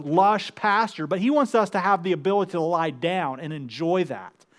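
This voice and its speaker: A man preaching a conversational sermon in church, acting out the voices of the psalm with rising emotion. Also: high voice. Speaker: pastor. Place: church with two campuses.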